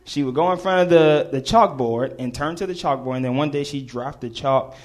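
A man's voice: fairly high pitch, a little fast. A man telling a comedic story to a live audience, laughing and acting out the voices of the people in it.

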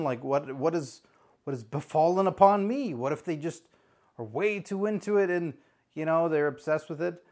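A man from Southern California in his thirties, hosting a podcast as a casual solo chat, rambling and joking at his own expense. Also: fairly high pitch. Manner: rambling, self-mocking, jokey, with animated put-on voices. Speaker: podcast host.

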